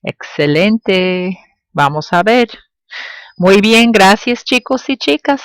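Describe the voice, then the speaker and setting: A woman's voice: mid-range voice, expressive, no room sound, poor audio. Upbeat woman teacher, dry close sound. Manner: clear, deliberate pronunciation of example words; encouraging, addresses students directly. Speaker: Spanish teacher. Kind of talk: classroom video lesson.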